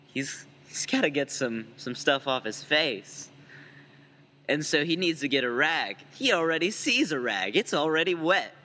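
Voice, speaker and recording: A man's voice: medium pitch, bright, forceful tone. A young man on a casual podcast telling a crude story with lots of swearing and laughter.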